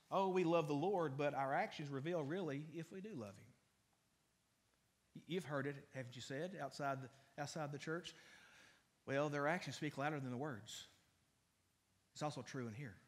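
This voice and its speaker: A man's voice: on the high side, normal speed, long pauses. A man pastor preaching a conversational sermon in a church, with frequent restarts and fillers. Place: church sanctuary.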